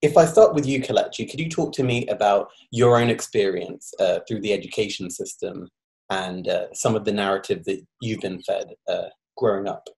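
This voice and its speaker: A male interviewer sets up long questions for his guests. His voice is low and strongly gravelly with vocal fry. He pauses often on filler words. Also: a little mellow, poor audio. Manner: hesitant, with many uh fillers.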